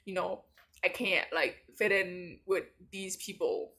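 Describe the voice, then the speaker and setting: A woman's voice: on the low side, slow pace, bright, forceful tone. A young woman about to start university, rambling in a late-night confessional vlog with lots of fillers and a tired, sleepy tone. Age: young adult. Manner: rambling, filler-heavy talk with many likes. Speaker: vlogger.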